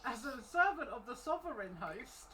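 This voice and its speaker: A woman voicing an earnest, apologetic cleric who pleads with a temple crowd in a halting, hesitant way. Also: fairly high pitch, very animated, pushed and bright, far from the mic, a little hiss or hum, rough recording. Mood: pleading.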